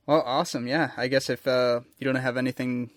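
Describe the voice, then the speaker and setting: A man's voice: mid-range voice, steady tone, fairly quick, no room sound, clean studio sound. A man interviewing a guest in a casual chat, rambling enthusiastically.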